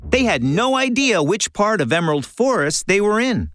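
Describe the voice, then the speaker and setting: A woman narrating a children's audio story in a clear, storytelling manner. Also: mid-range voice, very animated, moderate pace, a bit bright, faint music behind.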